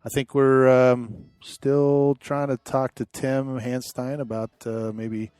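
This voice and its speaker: A man co-hosting a podcast in casual chat, laid-back, with many filler pauses. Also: mid-range voice, little pitch movement, darkish tone, smooth, dry recording, studio quality. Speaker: podcast co-host.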